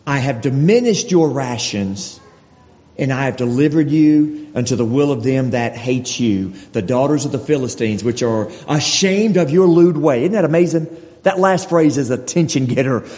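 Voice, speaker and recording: A man's voice: medium pitch, lively intonation, normal speed, mellow. Man preaching in an echoing hall. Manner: expository preaching, reading verses and voicing God's words with rising intensity. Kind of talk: sermon. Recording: dull recording with long hall reverb.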